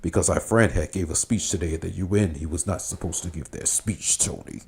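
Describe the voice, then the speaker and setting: A man's voice: low voice, creaky, husky, exaggerated voice. A man doing an impression of a cold, menacing older male cartel boss, with a growl in his voice. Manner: growl in the voice, slow, threatening.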